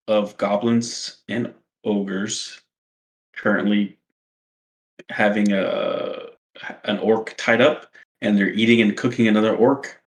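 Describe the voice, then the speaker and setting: A man playing a tabletop game, telling the group a plan in halting speech with repeated words. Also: on the low side. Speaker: player. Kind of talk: casual chat.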